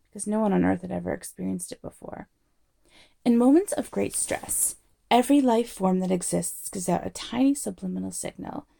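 A woman reading a novel aloud as narrator in a wry, measured storytelling manner. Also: medium pitch, vocal fry, warm tone.

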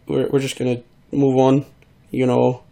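A man's voice: mid-range voice, monotone, a little slow, gravelly, warm tone. A man who is sick, rambling in a casual monologue and trailing off with many fillers. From United States. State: sick, voice hard to control. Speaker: vlogger.

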